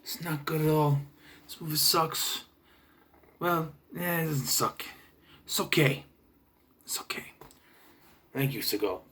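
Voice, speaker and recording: Bright, animated young movie reviewer. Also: male voice, fairly high pitch, a little slow, long pauses. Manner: chatty, sarcastic, clears throat. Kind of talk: casual video review.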